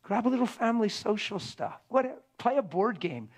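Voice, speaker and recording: A middle-aged man preaching in a conversational sermon, often dropping to a hushed whisper for emphasis. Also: high voice, expressive, moderate pace, hardly any pauses.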